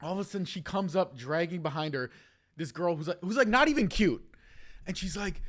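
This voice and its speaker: A man's voice: high-pitched, expressive, fairly quick, fairly bright tone. A young man hosting a podcast, telling stories in casual chat and acting out quotes, swearing freely. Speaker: podcast host.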